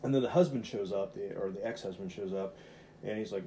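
A man's voice: fairly low pitch, a little fast, slight background noise. Rambling man telling a ghost story. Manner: rambling, heavy use of "like" and swearing; animated, acts out voices in retold quotes. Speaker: podcast co-host. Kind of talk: casual storytelling chat.

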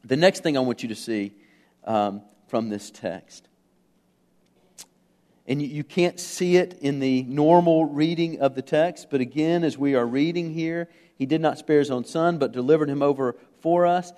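American guy preaching, kinda high voice, earnest, asks the crowd stuff. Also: moderate pace, dark tone. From United States. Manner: earnest, emphatic, engages the audience with questions. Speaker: pastor. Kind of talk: sermon.

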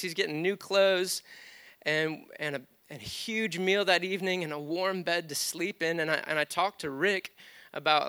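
A man's voice: on the high side, pushed and bright, clean tone, no echo. A man in his thirties preaching in a church, telling stories casually with frequent restarts. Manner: conversational storytelling with many restarts. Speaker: pastor. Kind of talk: sermon.

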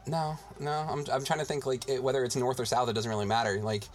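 A man co-hosting a casual chat show, animated and swearing freely, laughing often and mimicking regional accents. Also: mid-range voice, fast talker, soft background music. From Virginia. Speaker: podcast co-host.

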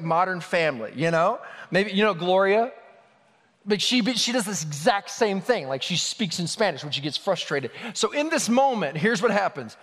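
A man preaching to his congregation in a relaxed, candid way, mixing humor into the sermon. His voice sits a little higher than most men's. The sound carries the long reverb of a large sanctuary. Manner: conversational, candid, humorous storytelling. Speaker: pastor. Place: church sanctuary.

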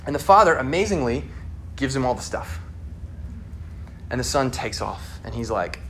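A man's voice: fairly high pitch, a little fast, a bit bright, slight background noise. A man preaching a sermon in a casual, conversational way, acting out the people he quotes. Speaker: pastor.

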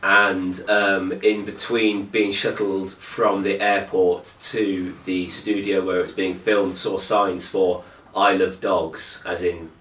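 A man's voice: low-pitched, little pitch movement, takes it slowly, hardly any pauses, a bit bright, recorded from a distance. A man casually explaining film trivia with wry humour, recorded in an echoey room some way from the mic with faint background noise. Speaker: podcast co-host.

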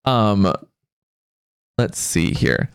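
A man's voice: on the low side, sing-song, drawn-out words, gravelly, smooth. A man co-hosting a casual podcast, teasing and laughing often as he reads out old slang. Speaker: podcast co-host.

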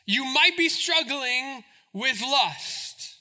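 A pastor preaching a sermon in an animated, joking, storytelling way. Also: male voice, very high voice, slow pace.

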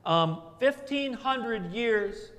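A man preaching a sermon as the pastor, telling stories in a relaxed, conversational way with asides. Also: extremely high pitch, drawn-out words, in a large hall.

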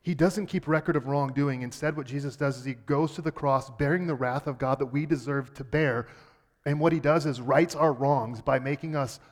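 A man giving a sermon as a pastor, earnest, dropping quiet and then rising emphatic. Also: mid-range voice, moderate pace, long reverb tail.

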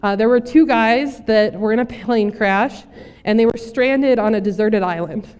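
A woman's voice: on the high side, moderate pace, a little mellow, clean tone. A woman pastor preaching a sermon in a casual, joking, direct way. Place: church sanctuary. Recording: long reverb in church.

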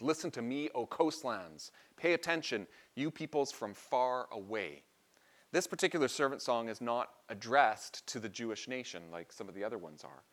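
A man's voice: fairly low pitch, fairly bright tone. A man preaching a sermon, explaining a Bible passage in an earnest, teaching manner and lifting his voice on key phrases.

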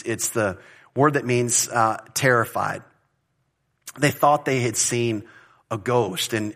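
A man's voice: medium pitch, a bit bright, husky. Man, Bible study teacher, conversational, informal, asides, mid-range voice. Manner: informal, chatty, with asides and restarts.

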